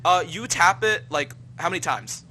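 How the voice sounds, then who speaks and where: Young male game master, casual, high voice. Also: animated, moderate pace, bright, forceful tone, a little hiss or hum. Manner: casual, many fillers, sound effects by mouth. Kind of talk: narrating a tabletop game.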